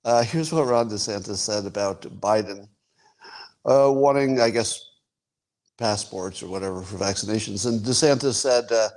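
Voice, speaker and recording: A man's voice: normal speed, darkish tone. Wry musing man, podcast host. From United States. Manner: wry, musing, with chuckles and sudden pitch jumps for emphasis. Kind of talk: casual solo commentary.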